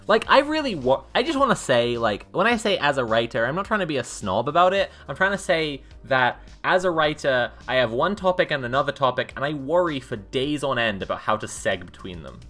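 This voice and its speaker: A woman's voice: rumbling low, a bit bright. A woman live-streaming, reading a book aloud and breaking off into sarcastic, rambling commentary. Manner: sarcastic, rambling asides between read passages.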